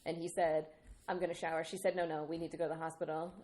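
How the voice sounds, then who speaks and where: A woman's voice: low-pitched, level tone, fast, a little mellow. A woman in her thirties co-hosting a podcast, talking candidly and laughing often as she retells what people said. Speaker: podcast co-host. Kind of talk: casual chat.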